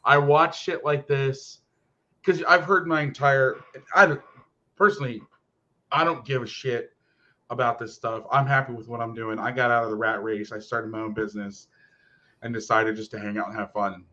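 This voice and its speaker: A man hosting a football talk show, ranting casually and profanely about coaching. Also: mid-range voice. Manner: animated, profane, fast ranting. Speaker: football podcast host and coach. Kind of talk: casual rant. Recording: lo-fi muffled audio.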